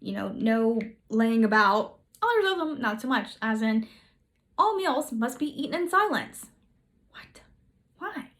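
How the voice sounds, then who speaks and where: A woman's voice: fairly high pitch, big pitch swings, unhurried, a bit bright. Chatty, sarcastic woman history narrator. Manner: chatty and sarcastic, with playful asides. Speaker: history video host. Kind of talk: casual history storytelling.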